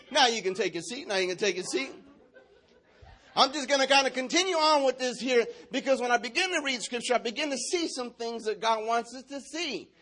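High-pitched, forceful preaching man. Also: brisk. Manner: emphatic, repetitive call-and-response preaching. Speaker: pastor. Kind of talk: sermon.

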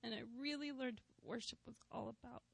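A woman's voice: on the high side, fast talker, creaky, dry recording. Earnest woman giving a heartfelt church testimony. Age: adult, a mother of school-age kids. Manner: earnest and heartfelt, with frequent "you know" asides.

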